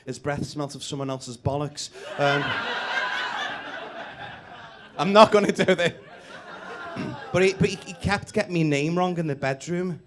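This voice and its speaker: This man has a fairly high pitch and an unhurried delivery, pausing often over a noisy background. He's a late-thirties Scouse stand-up doing crude, teasing crowd work on a club stage, with the audience laughing loudly throughout.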